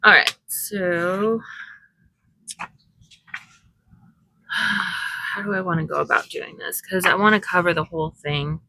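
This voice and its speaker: Slow, gravelly woman crafting aloud. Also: lowish voice, fairly even intonation, slight background noise, poor audio. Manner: chatty, thinking aloud while working, soft laughs. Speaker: crafting vlogger. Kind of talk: casual crafting commentary.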